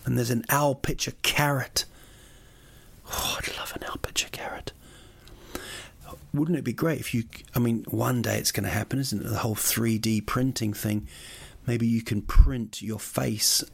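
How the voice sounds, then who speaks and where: A man hosts a podcast alone, wandering from one joke to the next with playful asides. His middling voice carries a gravelly edge. The sound is close and dry, with no room around it. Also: medium pitch, steady tone, normal speed, no echo. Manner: rambling, jokey, playful asides. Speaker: podcast host. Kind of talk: rambling solo podcast monologue. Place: lives in Sweden.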